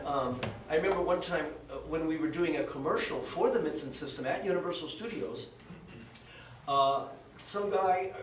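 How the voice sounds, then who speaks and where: A man giving an anecdotal eulogy at a memorial service, telling stories with chuckles and acting out quotes. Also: a little high. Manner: chuckling storyteller, acts out quotes. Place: dojo hall at a memorial. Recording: roomy echo from far off, faint hiss.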